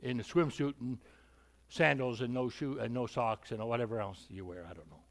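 A man's voice: mid-range voice, moderate pace. A male preacher giving an emphatic sermon, repeating points and asking rhetorical questions.

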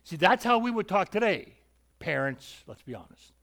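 A man's voice: sits high, big pitch swings, normal speed, a bit bright. A male preacher giving an emphatic sermon, repeating points and asking rhetorical questions.

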